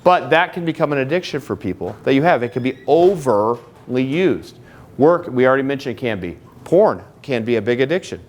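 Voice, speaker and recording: A man's voice: medium pitch, expressive, brisk. Middle-aged man telling stories to a crowd. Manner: conversational, joking, full of personal anecdotes. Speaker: marriage seminar speaker. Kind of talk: live talk to an audience.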